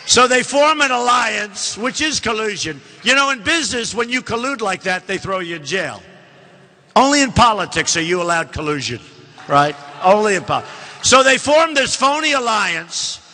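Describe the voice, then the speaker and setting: A man's voice: high voice, lively intonation, moderate pace, bright, forceful tone. Boastful older man speaking in an echoing hall. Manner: boastful, rambling, mocking asides to the crowd. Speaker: political candidate. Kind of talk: campaign rally speech. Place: large indoor events hall. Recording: long hall reverb from a live rally.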